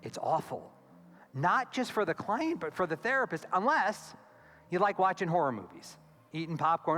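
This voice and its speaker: A man giving a conference keynote as a therapist, animated and acting out quoted voices, on a stage mic in a large hall. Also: high-pitched, moderate pace. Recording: long hall reverb with faint music.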